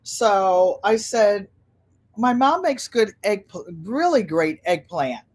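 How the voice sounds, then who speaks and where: An older woman hosting a casual livestream, chatting and telling stories with animated quoted voices. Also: medium pitch, takes it slowly. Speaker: channel host.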